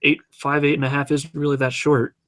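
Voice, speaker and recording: A man's voice: fairly high pitch, level tone, a little fast, a bit bright. A man co-hosting a casual podcast chat, joking and incredulous. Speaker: podcast co-host.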